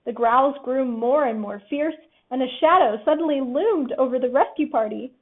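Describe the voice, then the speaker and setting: Expressive woman reading a storybook. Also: high voice, moderate pace. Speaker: storybook reader. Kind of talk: storybook narration. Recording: tinny phone-like audio.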